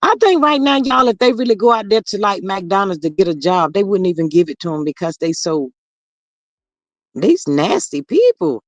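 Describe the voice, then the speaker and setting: A woman's voice: medium pitch, sing-song, moderate pace, dry recording. Chatty woman hosting a livestream. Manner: chatty, drawling, greets viewers by name. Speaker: livestream host. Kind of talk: casual chat reading comments.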